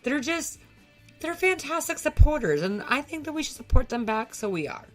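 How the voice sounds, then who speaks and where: A woman's voice: sits high, big pitch swings, normal speed, faint music behind. A woman from the United States co-hosting a podcast, talking in a heated, profane, emphatic way. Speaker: podcast co-host. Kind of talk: angry rant on a podcast.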